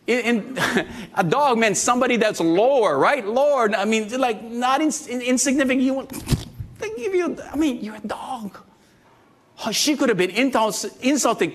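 A man's voice: extremely high pitch, fairly bright tone, breathy edge. A man in his fifties preaching a sermon, talking conversationally, joking and asking the congregation questions. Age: 50s. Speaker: pastor.

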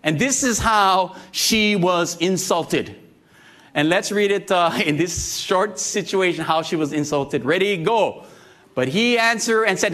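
A man's voice: high-pitched, expressive, measured pace, a bit bright. A man in his fifties preaching a sermon, talking conversationally, joking and asking the congregation questions. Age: 50s. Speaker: pastor.

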